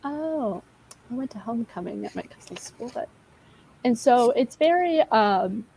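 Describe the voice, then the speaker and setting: A woman's voice: a little high, expressive, unhurried, creaky, a little mellow, slight background noise, rough recording. A woman in her twenties co-hosting a casual livestream chat, rambling and candid, often losing her train of thought. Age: 20s. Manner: candid, self-deprecating. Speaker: livestream co-host.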